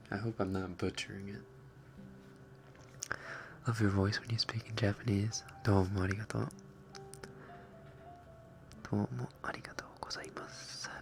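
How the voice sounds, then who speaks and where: Young man, low flat voice, soft half-whispered ASMR stream host chatting to viewers, faint music behind. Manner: chuckles often, tries out foreign words. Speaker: livestream host. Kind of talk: ASMR livestream, reading chat.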